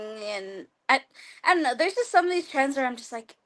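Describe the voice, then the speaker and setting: A talkative woman speaks as a guest on a streamed interview over a video call. Her voice sits a little high, and she rambles casually, with constant "like" fillers and easy laughter. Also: lively intonation, moderate pace, a bit bright. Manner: chatty, lots of "like", laughs often. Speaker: guest wrestler.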